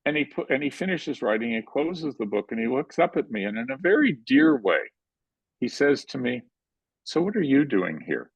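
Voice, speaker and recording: An older man, a filmmaker, telling animated stories in an interview and acting out the quotes. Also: mid-range voice, normal speed, gravelly, husky, no echo, lo-fi sound. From Canada. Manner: animated anecdotal storytelling, acts out quotes. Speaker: guest filmmaker. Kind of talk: storytelling in a conversational interview.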